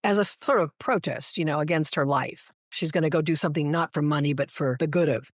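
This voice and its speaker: Lively woman telling showbiz stories. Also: low-pitched, brisk, no echo. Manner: animated, acts out quoted dialogue in her anecdotes. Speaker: showrunner guest. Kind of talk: conversational storytelling interview.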